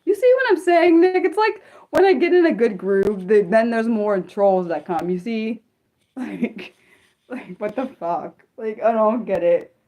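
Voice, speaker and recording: Woman, livestream host, high animated voice, reacts to chat, blunt and swearing. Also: measured pace. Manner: exasperated, venting at chat trolls, swears; reads and answers chat aloud.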